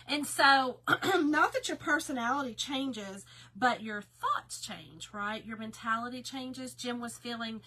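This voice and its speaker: A woman with a Southern US accent hosting a live craft tutorial, chatting warmly with viewers and reading their comments aloud. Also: on the high side. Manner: chatty and bubbly, reads viewer comments aloud, says y'all and girl. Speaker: craft host.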